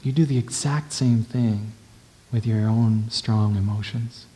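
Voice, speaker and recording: Male meditation teacher, dharma talk, warm mellow tone, lowish voice, gentle and unhurried. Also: steady tone. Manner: gentle, unhurried, checks in with "right?".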